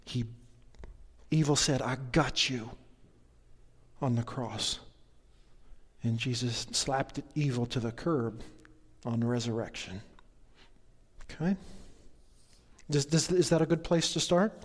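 A man preaching a sermon, joking with the congregation and building to excited energy. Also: medium pitch, takes it slowly, long pauses, husky, in a large hall. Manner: playful, jokey asides to the congregation. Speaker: pastor.

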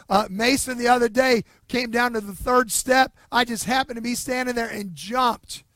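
High-voiced male pastor preaching earnestly. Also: fairly bright tone, dry recording. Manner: earnest, conversational preaching with asides. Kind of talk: sermon. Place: near-empty church building.

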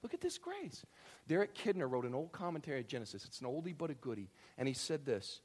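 Animated male pastor preaching. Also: medium pitch, fast talker. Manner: animated storytelling, acts out characters, swings from quiet to loud. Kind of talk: sermon.

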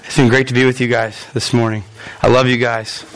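A man's voice: level tone, brisk, a little hiss or hum. A man preaching a sermon as a pastor and closing in prayer, speaking straight to his congregation in an earnest, direct way. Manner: earnest, direct address to the congregation, voice climbing high when emphatic. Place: church.

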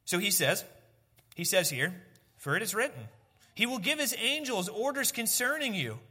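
Bright-voiced male pastor preaching. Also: a little high. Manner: conversational, self-deprecating asides, repeats phrases for emphasis. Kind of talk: sermon.

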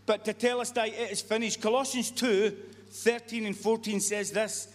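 A man's voice: high-pitched, level tone, normal speed. A man preaching a sermon, earnest and repetitive, often restarting his sentences. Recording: long reverb of a hall.

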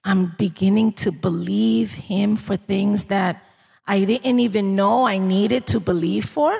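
Woman preacher, slow and husky, chatty sermon delivery, long hall echo. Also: mid-range voice, a little mellow. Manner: conversational preaching, asks the congregation for agreement. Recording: long reverb of a large hall.

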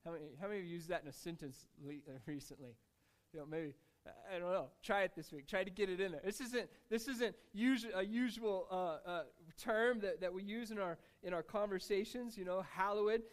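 High-voiced man preaching to a congregation. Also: brisk. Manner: casual, conversational preaching with fillers; jokes with and engages the congregation. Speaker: pastor. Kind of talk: sermon. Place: church in front of a congregation.

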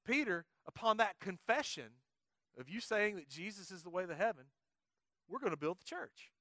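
A male pastor preaching a sermon, playful and energetic, coaxing the congregation to join in. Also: high-pitched, moderate pace, no room sound, studio quality. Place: church sanctuary.

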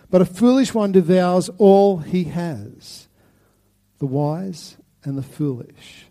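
A man preaches a sermon, earnest and passionate. His voice sits a little high yet sounds mellow and dark in tone. He often repeats words as he builds toward a point. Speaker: pastor.

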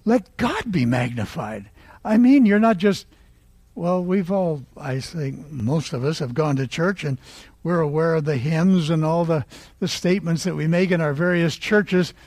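A man preaching a sermon, leading the congregation in call-and-response and rising to loud exclaiming. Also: on the high side, moderate pace, dry recording.

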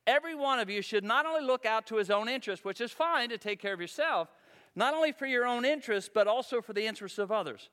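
A man's voice: sits high, expressive, fast talker, a bit bright, clear, resonant tone, in a large hall. A man preaching a sermon as pastor, talking in a conversational, folksy storytelling way.

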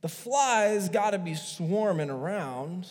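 A male pastor preaching a sermon in an animated, joking way, acting out stories as he goes. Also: high-pitched, slow pace, long reverb tail.

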